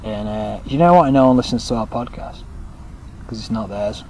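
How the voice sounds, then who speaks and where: A man's voice: fairly low pitch, moderate pace, warm tone, slight background noise, poor audio. A young man co-hosting a podcast, rambling and laughing through crude casual chat. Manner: rambling, giggly, jokey. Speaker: podcast co-host.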